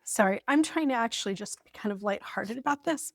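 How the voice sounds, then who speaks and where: Woman, 40s, from the US, wry journal storytelling, jumpy pitch, dry. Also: lively intonation, brisk, gravelly, few pauses, no room sound. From United States. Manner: wry and lighthearted, with sudden lifts of pitch. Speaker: vlogger. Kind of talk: storytelling while reading from an old journal.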